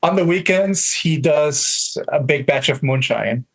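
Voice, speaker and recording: A man co-hosting a podcast, easygoing and riffing in a deadpan way. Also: a little high, measured pace, breathy edge. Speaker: podcast co-host. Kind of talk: casual comedic podcast chat.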